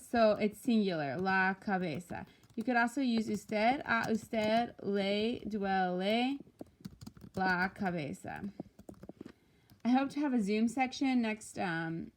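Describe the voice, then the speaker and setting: A woman Spanish teacher walking through homework answers, explaining patiently and slowing down to pronounce each Spanish example. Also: mid-range voice. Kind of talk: recorded homework walkthrough.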